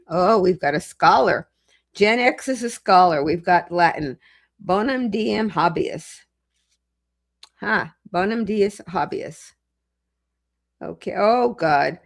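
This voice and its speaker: A middle-aged woman hosting a livestream, chatting casually with viewers as she reads comments and slowly sounds out foreign greetings. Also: medium pitch, vocal fry. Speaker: legal commentator and livestream host.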